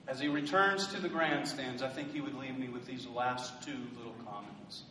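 A male pastor preaching a sermon in a church, swelling into loud emphatic bursts and joking asides. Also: medium pitch, normal speed, a little hiss or hum. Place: church sanctuary. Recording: echoey hall from a distant mic.

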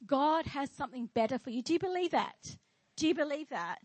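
A woman's voice: sits high, lively intonation, brisk, dry recording, rough recording. A woman pastor preaching a sermon in church, declaring and asking the congregation questions.

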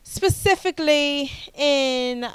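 A woman in her twenties from the United States, hosting her own podcast in a casual, animated chat with frequent restarts. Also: sits high, slow, no room sound. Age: 20s. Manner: chatty, animated, repeats herself and restarts often. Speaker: podcast host.

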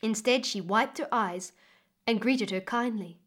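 A woman narrating a fairy tale expressively with dramatic pauses, as a storyteller reading a book. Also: a little high.

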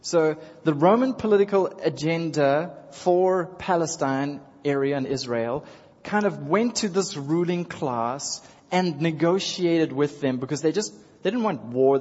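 Chuckling and repeating phrases, a pastor speaks directly to his congregation in a church sanctuary, giving a conversational sermon. His voice is fairly high, slightly rough, and darkish in tone, and the dull recording carries a long hall reverb.

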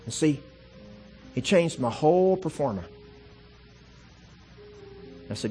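A man's voice: fairly high pitch, lively intonation, slow pace, pauses often, a little mellow, slight background noise. A man preaching a sermon as pastor, telling stories in a conversational way and building to impassioned, fervent preaching. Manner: conversational storytelling with repeated "see" and restarts.

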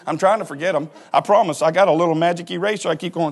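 A man's voice: fairly high pitch, racing, creaky, husky. A man preaching a sermon as pastor, folksy and joking, talking straight to the congregation. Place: church.

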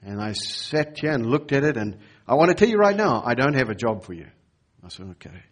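Husky-voiced man preaching a sermon. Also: mid-range voice, sing-song, brisk. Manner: storytelling, acts out quoted voices. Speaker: pastor. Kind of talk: sermon with personal story.

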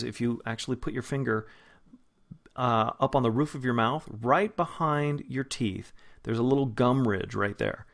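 A man coaching pronunciation in a spoken phonetics lesson, patient and explanatory, slowing down to model each sound. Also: mid-range voice. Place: Los Angeles area.

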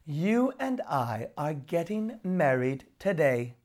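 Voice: medium pitch, very animated, takes it slowly, a little mellow. A storyteller voicing a bold, cheerful young woodsman who declares and teases heartily in a storybook reading. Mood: hearty.

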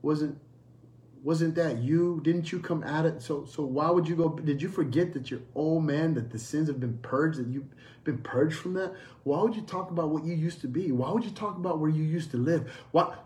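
A man's voice: a little high, moderate pace, darkish tone, reverberant. A man preaching a sermon, emphatic and repetitive, firing off rhetorical questions. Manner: emphatic, repeats phrases and asks rhetorical questions.

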